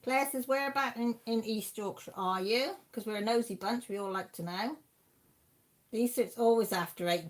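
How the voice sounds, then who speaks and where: A woman with a slightly high voice chats her way through a livestream. She reads out viewer messages and answers each one in a casual, easygoing way. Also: moderate pace. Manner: chatty, reads out viewer messages and replies warmly. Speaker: livestream host. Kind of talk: casual chat reading viewer comments.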